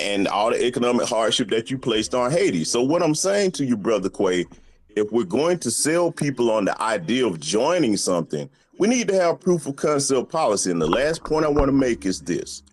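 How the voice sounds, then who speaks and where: A man laying out an argument point by point on a discussion panel, in a rhetorical manner. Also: mid-range voice. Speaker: panel speaker.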